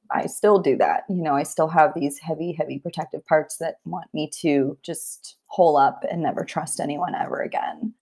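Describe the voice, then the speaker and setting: Lower-pitched, earnest woman therapist. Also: a little mellow, husky. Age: young adult. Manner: earnest, heartfelt, reflective. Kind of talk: interview conversation.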